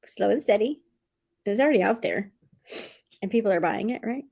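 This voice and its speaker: A woman hosting a casual livestream, reading out viewer comments from home, laughing often and going high-pitched when excited. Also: normal speed, gravelly, husky. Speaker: livestream host of writing sprints.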